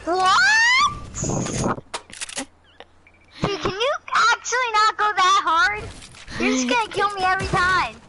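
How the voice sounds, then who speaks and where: A young woman with a high, lively voice chats while gaming, flustered and pleading between quick exclamations. The recording is noisy. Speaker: gamer. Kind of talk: casual gaming chat.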